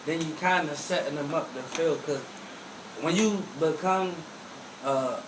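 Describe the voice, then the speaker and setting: A man's voice: on the high side, measured pace. Laid-back man in an echoey room. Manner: laid-back, profane, laughing often. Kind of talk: casual podcast chat. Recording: echoey room, distant mic, audible noise.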